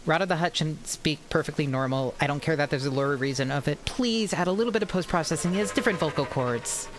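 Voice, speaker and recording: A woman's voice: low-pitched, fast talker. A woman with a Maryland accent, chatting casually on a gaming stream and rambling from one tangent to the next. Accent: Maryland American. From Maryland, USA.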